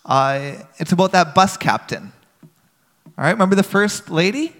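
A man's voice: high voice, lively intonation, measured pace, a bit bright, in a large hall. A man earnestly telling a personal story to a church audience in a conversational way.

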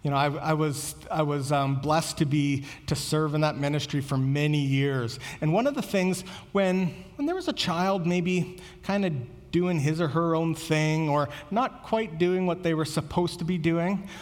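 Casting: male pastor with a high voice, earnest conversational sermon, lingering hall reverb. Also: normal speed, hardly any pauses. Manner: earnest, conversational preaching with repeated words.

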